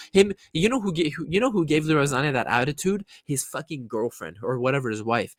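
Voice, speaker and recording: A man's voice: fairly high pitch, expressive, brisk, few pauses, dry recording, clean studio sound. A man from California, ranting crudely and mockingly as a football reaction vlogger at home. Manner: profane, mocking, blunt.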